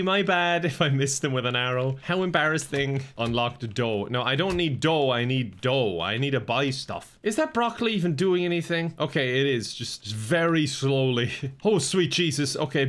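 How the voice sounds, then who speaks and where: A man's voice: medium pitch, a bit bright. Laughing Irish man playing a game. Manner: chatty, self-mocking, laughs often between lines. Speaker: gaming YouTuber. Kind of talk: gameplay commentary.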